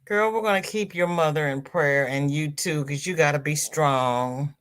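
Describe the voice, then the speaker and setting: A middle-aged crochet livestream host reads viewer comments aloud at normal speed in a smooth voice. Gushing and affectionate, she calls viewers "girl" and "honey," laughs frequently, and her pitch jumps up when she gets excited.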